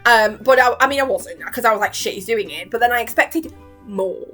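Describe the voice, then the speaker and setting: A young woman, gushing in a casual, animated vlog chat about a cartoon season. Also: a little high, brisk. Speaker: vlogger reacting to a cartoon season. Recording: faint guitar music behind.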